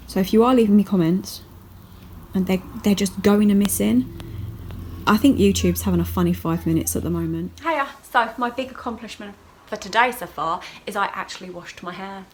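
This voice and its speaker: A woman's voice: mid-range voice, moderate pace, a little mellow, rough recording. A woman chats to camera in a casual vlog diary. She rambles from one thought to the next and pokes fun at herself, with her voice sitting mid-range. Faint noise hums behind her. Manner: chatty and rambling, with self-mocking asides. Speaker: vlogger.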